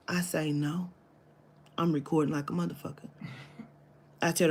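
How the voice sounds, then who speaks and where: A woman telling a story to camera, animated and profane, dropping into whispered asides. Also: low-pitched, moderate pace, long pauses, a little hiss or hum. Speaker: spiritual reader telling a story.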